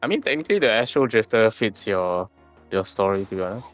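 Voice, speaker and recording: Game master, male, low and smooth, casual and musing, faint music bed. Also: animated, quick pace. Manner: musing, hums filler syllables while thinking. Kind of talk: casual tabletop session chat.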